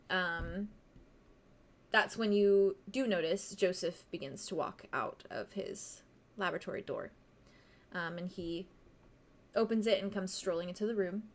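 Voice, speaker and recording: A woman's voice: mid-range voice, a little slow. A woman running a tabletop game as game master, narrating casually with many fillers. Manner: casual and hesitant, with many fillers and frequent laughs.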